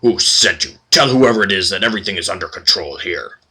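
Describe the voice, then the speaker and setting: A man's voice: sits low, lively intonation, a little fast, sharp tone, breathy edge, full character voice. A man voicing a haughty, burly male minotaur librarian in a video game, speaking with sneering condescension. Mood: suspicious.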